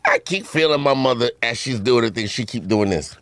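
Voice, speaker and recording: A man hosting a casual podcast chat, telling childhood stories in an animated way with squeaky impressions. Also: brisk. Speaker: podcast host.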